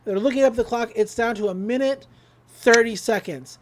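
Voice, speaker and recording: A woman's voice: fairly high pitch, normal speed, slight background noise. A woman recapping a cartoon episode in a casual, chatty, enthusiastic way. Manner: chatty and enthusiastic, with frequent fillers. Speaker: podcast host recapping an episode.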